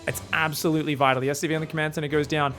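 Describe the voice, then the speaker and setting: A man casting a strategy game live, excitable and sarcastic with a joking edge. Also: a little high, racing, soft background music. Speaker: game commentator.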